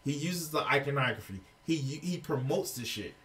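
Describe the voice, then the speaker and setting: A man's voice: medium pitch, lively intonation, normal speed, fairly bright tone, far from the mic. A man giving heated, profane reaction commentary as a video reviewer, exasperated and ranting.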